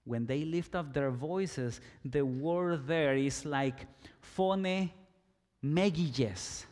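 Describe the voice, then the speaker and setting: Male preacher, fairly high voice, deliberate slow delivery, big hall reverb. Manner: slow and emphatic, with bursts of loud shouting. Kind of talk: sermon.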